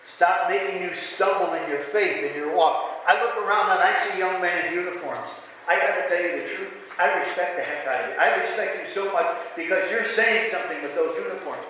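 A man's voice: high voice, sharp tone. A man preaching a sermon to a congregation, asking rhetorical questions and building to emphatic passages. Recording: echoey hall from far off, faint room noise.

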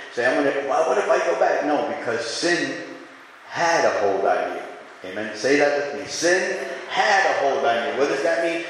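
Fervent preacher in an echoey hall. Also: male voice, sing-song, moderate pace. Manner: swings between loud fervent calls and hushed low musing. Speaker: pastor. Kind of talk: sermon. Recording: echoey hall, faint room noise.

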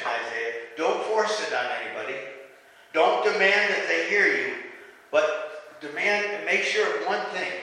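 A man's voice: on the high side, animated, measured pace, bright, forceful tone, recorded from a distance. A man preaching a conversational sermon in a church, putting rhetorical questions to the congregation. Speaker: pastor. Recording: echoey hall.

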